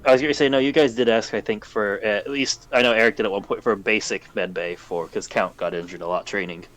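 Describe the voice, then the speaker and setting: A man's voice: on the low side, fairly even intonation, fast talker, fairly bright tone. A man running a tabletop role-playing game, plainly explaining rules and what the players see.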